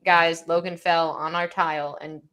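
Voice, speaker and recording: A woman's voice: sits low, flat delivery, moderate pace, fairly bright tone. A young woman co-hosting a casual podcast, telling a parenting story with many "like"s and quoted lines. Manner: storytelling, quoting her toddler with lots of "like". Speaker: podcast co-host. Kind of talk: casual chat.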